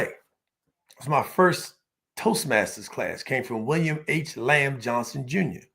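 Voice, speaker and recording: Gravelly-voiced man giving a motivational talk. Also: medium pitch, a bit bright. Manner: emphatic, call-and-response with audience; storytelling, repetitive listing cadence. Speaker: motivational business speaker. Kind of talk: motivational speech.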